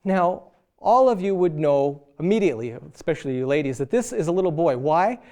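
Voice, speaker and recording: Middle-aged guy preaching about marriage, mellow tone, acts out the husband and wife bits. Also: a little high, fairly quick. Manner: animated storyteller acting out both spouses. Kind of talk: sermon on marriage.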